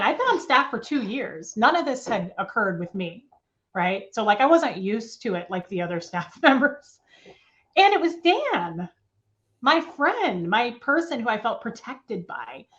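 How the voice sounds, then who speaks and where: Woman giving a halting, emotional account. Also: fairly high pitch, fairly bright tone, lo-fi sound. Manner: emotional, halting retelling with restarts and nervous laughs. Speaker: interview guest. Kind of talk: personal testimony in a remote interview. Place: at home.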